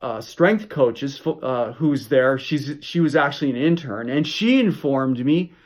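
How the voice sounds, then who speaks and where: A man's voice: mid-range voice, lively intonation, measured pace, lo-fi sound. A man vlogging, telling a personal story straight to the camera in a rambling way, with frequent restarts. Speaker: health vlogger. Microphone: camera mic.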